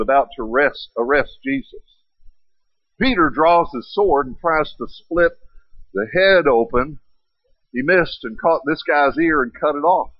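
A man's voice: fairly high pitch, dry recording. A man preaching a sermon, retelling stories with rhetorical questions and acted-out quotes. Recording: dry, dull lo-fi sound.

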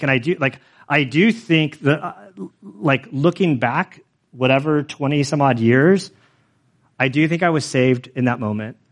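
A man in his forties, a pastor telling his own story in a sermon, earnest and rambling, with many fillers. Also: a little high. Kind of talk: sermon testimony.

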